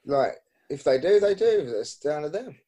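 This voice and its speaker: A man's voice: a little high, very animated, moderate pace, mellow. A man talking as a podcast guest in casual chat, rambling with restarts and frequent swearing. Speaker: podcast guest, BMX rider.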